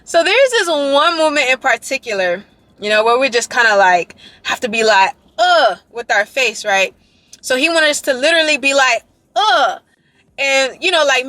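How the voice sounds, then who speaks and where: A young woman telling a rambling, excited story to her camera in a casual vlog. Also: brisk, no room sound. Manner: excited, rambling, quotes others in a lowered voice. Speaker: dance vlogger. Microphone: handheld camera.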